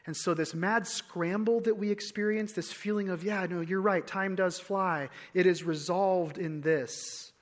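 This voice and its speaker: A man preaching a sermon as pastor, conversational with repeated phrases and restarts, dropping soft on key lines. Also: fairly high pitch. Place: church sanctuary. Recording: long hall reverb.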